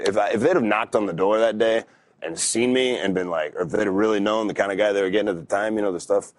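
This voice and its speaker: A man's voice: lowish voice, quick pace, dry recording. A man in his thirties, a wrestler guest on a podcast, telling stories in a laid-back, rambling way with lots of fillers and restarts. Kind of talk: casual storytelling interview.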